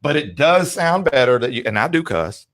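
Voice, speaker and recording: A man hosting a casual podcast interview, chatty and quick to cut in. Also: medium pitch, very animated, a bit bright. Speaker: podcast host.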